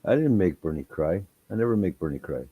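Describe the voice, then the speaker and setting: Very deep, husky, swearing man. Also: sing-song, fast talker, no room sound, phone-quality sound. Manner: profane, laughing, teasing storyteller. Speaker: guest on a livestream. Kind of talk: casual chat.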